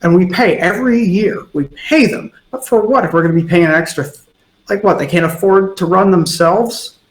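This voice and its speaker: A man voicing a drunk, middle-aged tavern patron who complains fast and indignantly about prices. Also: high-pitched, voice pushed up, lightly acted. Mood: grumbling. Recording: roomy echo.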